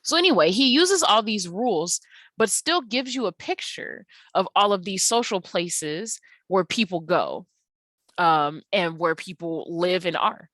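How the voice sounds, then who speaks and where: A woman's voice: on the low side, animated, a little slow, fairly bright tone, no room sound. A woman teacher talking through lecture slides, explaining patiently with frequent ums and uhs. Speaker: English teacher.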